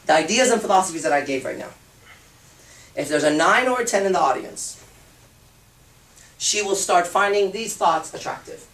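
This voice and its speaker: A man's voice: high-pitched, normal speed, pauses often, fairly bright tone, far from the mic. Blunt, profane man in a roomy hall. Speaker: seminar speaker. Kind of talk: live seminar talk. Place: seminar room with audience. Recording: roomy hall, speaker off-mic.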